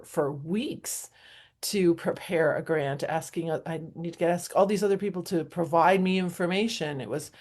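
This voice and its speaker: A woman's voice: on the low side, darkish tone. A middle-aged woman talking casually and thoughtfully about self-talk, with frequent fillers and small laughs. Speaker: speaker sharing self-help reflections.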